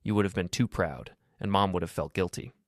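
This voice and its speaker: A man narrating a first-person story in a calm, measured and firm way. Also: deep voice, no echo, clean studio sound.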